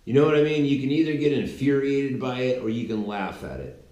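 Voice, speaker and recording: A man's voice: medium pitch, brisk, a little mellow. A man in his thirties giving a rambling, mocking political commentary monologue, full of restarts and fillers. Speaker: commentary channel host. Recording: roomy echoey room.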